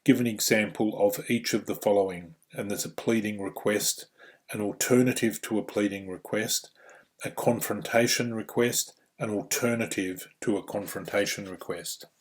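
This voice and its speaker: A man's voice: fairly low pitch, moderate pace. An Australian man who works as a trainer, walking through course material in an explanatory way with frequent "you know" and "um" fillers. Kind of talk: instructional course narration.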